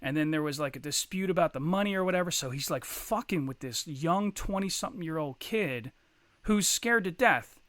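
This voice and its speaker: This podcast co-host, a man with a slightly high voice at a normal speed, rambles through a lengthy story full of swearing. He gets animated and imitates the characters mid-tale, and there's no room sound on the recording.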